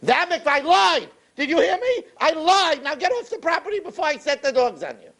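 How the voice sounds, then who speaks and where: A brash rich young man bellows his complaints in a high, swooping voice, as a man puts him on. The voice is gravelly and husky. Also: very animated, moderate pace, full character voice. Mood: belligerent. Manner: loud, blustering, indignant complaints.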